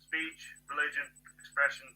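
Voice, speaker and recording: Agitated, swearing man, bright voice. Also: a little high, level tone, normal speed, rough recording. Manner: agitated, swearing, bursts into shouting. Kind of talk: rambling monologue.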